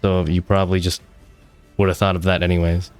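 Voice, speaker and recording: A man with a very low voice running a tabletop game as game master, handing out rulings in a dry, teasing way. Faint music plays underneath. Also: flat delivery, fairly quick, darkish tone, clear, resonant tone. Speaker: dungeon master.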